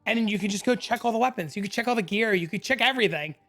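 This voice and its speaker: A hoarse man hosting a gaming channel, talking excitedly and rambling step by step through a screen-recorded game tutorial into a desk microphone. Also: sits high, racing, faint music behind. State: hoarse, losing his voice.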